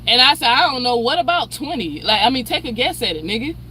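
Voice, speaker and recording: A woman's voice: a little high, lively intonation, quick pace, pushed and bright, slight background noise. A woman, hosting a channel and ranting in a heated, profane, confrontational way, calling people out by name. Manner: profane, confrontational, repeats a name to call someone out. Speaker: commentary channel host. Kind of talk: heated personal rant.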